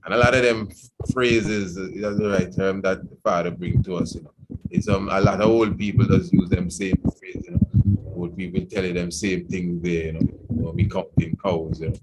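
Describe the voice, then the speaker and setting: A low-pitched man with a lilt hosts an evening radio talk, musing at length and filling his thoughts with "you know". The broadcast is buried under loud hiss and clicks. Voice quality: meandering, with frequent "you know". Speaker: radio program host. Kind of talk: reflective radio talk discussion.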